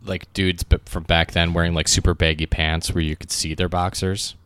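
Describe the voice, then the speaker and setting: A man's voice: deep voice, little pitch movement, normal speed, fairly bright tone, clear, resonant tone. A man co-hosting a casual comedy podcast, joking through banter with many trailing fillers. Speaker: podcast co-host.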